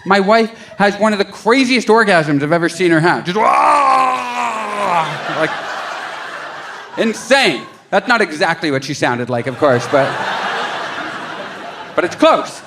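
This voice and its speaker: A stand-up comedian telling a story on stage, acting out his own quotes with lively shifts in voice. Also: high-pitched, measured pace, long pauses, background noise. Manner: animated storytelling with acted-out quotes. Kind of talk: stand-up routine. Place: comedy club stage with a laughing audience.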